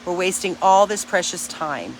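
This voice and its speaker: A woman's voice: fairly low pitch, animated, normal speed, slight background noise. A woman who runs a dog rescue, talking to her followers outdoors in an earnest, emphatic, chatty way. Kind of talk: casual vlog to followers.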